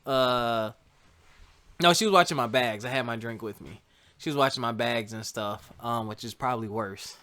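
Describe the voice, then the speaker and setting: Male podcast host, 30s, bright tone, casual self-mocking storyteller. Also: medium pitch, moderate pace. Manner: laid-back, chatty, jokes at himself.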